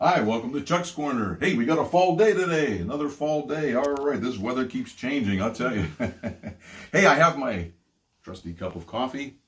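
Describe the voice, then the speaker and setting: Chatty older magician from Pittsburgh. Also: male voice, medium pitch, animated, moderate pace, a bit bright. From Pittsburgh, USA. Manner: upbeat, chatty, laughs often. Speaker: magician and ventriloquist host. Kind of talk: casual teaching demonstration.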